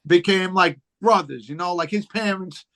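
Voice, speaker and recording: Guy, high voice, rambling sweary storytelling, lots of like and um. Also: moderate pace, a bit bright. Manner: rambling, profane storytelling with many fillers. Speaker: podcast guest, rapper. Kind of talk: casual chat.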